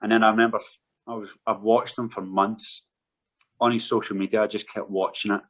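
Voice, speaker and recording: A man's voice: fairly low pitch, level tone, fairly quick, fairly bright tone, low-quality recording. A man in his thirties, a podcast guest and former footballer, telling his story candidly and frankly, swearing freely.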